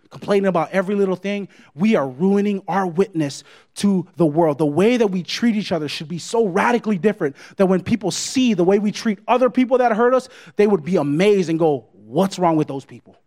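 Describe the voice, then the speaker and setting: A man's voice: sits high, darkish tone. A man preaching a sermon as pastor, emphatic, repeating his points and checking in with the congregation.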